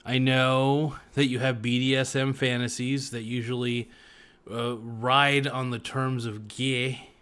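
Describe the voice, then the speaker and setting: A man's voice: mid-range voice, level tone, takes it slowly, fairly bright tone, smooth. A man as a podcast guest in casual chat, crude, joking and rambling.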